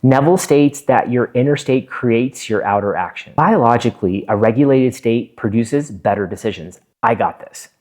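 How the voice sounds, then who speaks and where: A man's voice: medium pitch, lively intonation, normal speed, few pauses, a little mellow. Earnest man explaining self-talk to camera. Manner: earnest, acts out inner self-talk in quotes. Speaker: physician video host. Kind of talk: casual explainer monologue to camera.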